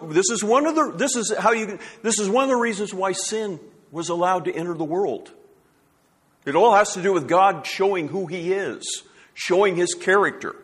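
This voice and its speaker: Slow, emphatic preacher in a reverberant hall. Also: male voice, high voice, a bit bright. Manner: earnest, emphatic, restarts phrases while building points. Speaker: pastor. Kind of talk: sermon.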